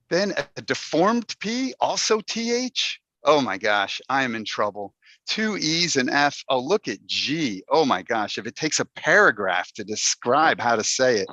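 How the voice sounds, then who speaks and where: A man's voice: medium pitch, sharp tone, no room sound. A man giving a playful, humorous talk to a Toastmasters club over a video call, putting on mock dismay as he goes. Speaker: Toastmasters speaker. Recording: dull, dry video call audio.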